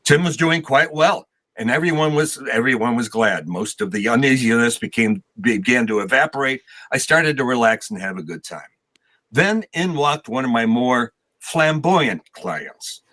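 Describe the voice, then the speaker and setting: A man's voice: medium pitch, lively intonation, normal speed, fairly bright tone. Older man telling rambling stories. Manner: rambling, self-deprecating, with restarts. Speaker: guest musician. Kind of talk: casual storytelling interview.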